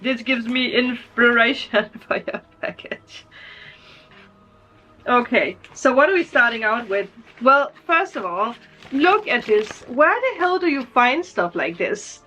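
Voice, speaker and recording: Emotional woman unboxing, slow talk. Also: on the high side, animated, pushed and bright, faint music behind. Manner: emotional, laughs often. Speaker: vlogger. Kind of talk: casual unboxing vlog.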